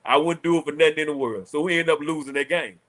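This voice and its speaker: A man, a former college quarterback telling animated, laughing stories as a talk show guest. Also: fairly high pitch, fast talker. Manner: animated, laughing storyteller acting out quotes. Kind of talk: casual storytelling on a talk show.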